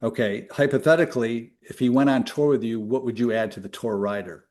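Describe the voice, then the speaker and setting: A man's voice: mid-range voice, steady tone, fairly quick, darkish tone. Friendly podcast host guy, mid voice, upbeat, firing off questions. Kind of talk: casual interview.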